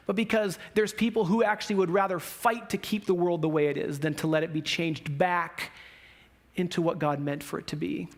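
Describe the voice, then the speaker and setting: A man pastor preaching a sermon in a conversational style, with emphatic rises when he speaks for God and the prophets. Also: high-pitched. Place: church sanctuary.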